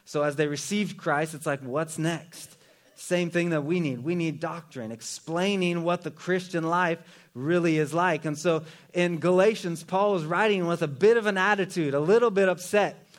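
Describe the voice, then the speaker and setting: A man preaching a sermon in a relaxed, conversational way with joking asides. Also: a little high, normal speed. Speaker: pastor.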